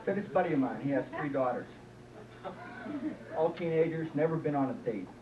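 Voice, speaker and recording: A man's voice: a little high, lively intonation, brisk, distant mic, crowd noise. A man doing a stand-up comedy set in a small club, telling folksy jokes with lots of "uh" and "he says". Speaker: stand-up comic. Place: small club, live audience. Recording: echoey lo-fi club tape from afar.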